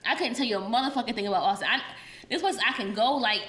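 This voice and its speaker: A woman's voice: a little high, fast, a bit bright. A woman from Virginia co-hosting a podcast in casual, slangy chat, laughing often and talking over a computer setup. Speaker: podcast co-host. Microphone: webcam and computer setup.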